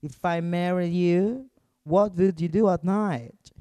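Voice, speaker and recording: A man's voice: high voice, slow pace, mellow, clear, resonant tone, voice pushed up. A man voicing a fussy, choosy little female mouse who speaks politely but firmly. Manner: polite and particular.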